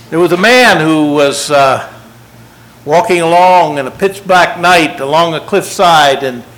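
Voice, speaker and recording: Older guy giving a sermon, slightly high voice, real slow and folksy, pokes fun at himself. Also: a bit bright, rough recording. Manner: folksy, self-deprecating, unhurried. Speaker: preacher.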